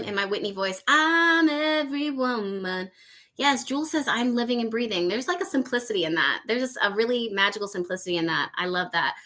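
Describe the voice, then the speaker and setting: A woman's voice: medium pitch, bright, forceful tone. A woman hosting a casual live stream, reading viewer comments aloud in an effusive way and often repeating phrases back. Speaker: livestream host.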